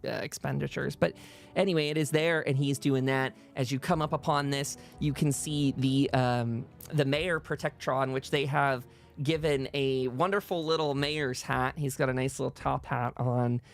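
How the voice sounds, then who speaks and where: A man's voice: medium pitch, fairly even intonation, moderate pace, vocal fry, soft background music. A man narrating as game master of a tabletop game, rambling along with frequent fillers.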